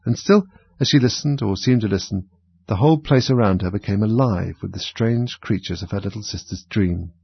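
A man calmly narrating a storybook in a measured way. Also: fairly low pitch, gravelly, slightly rough, no echo. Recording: dull, dry lo-fi recording.

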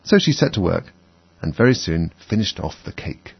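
Husky, gravelly male storybook narrator. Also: low voice, moderate pace. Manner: expressive storytelling. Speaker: audiobook narrator. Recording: dull lo-fi dry recording.

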